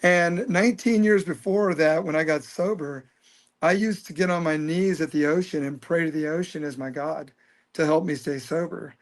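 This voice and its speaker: Earnest man in his fifties, slightly high. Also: normal speed. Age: 50s. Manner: earnest, animated storyteller. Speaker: guest. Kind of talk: personal storytelling in a podcast interview.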